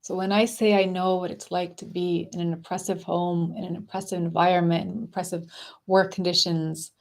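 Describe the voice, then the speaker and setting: A woman coaching viewers on a casual live stream, talking in a soft, dreamy and effusive way. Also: fairly low pitch. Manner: gushing, affectionate and effusive; soft, dreamy spiritual phrasing.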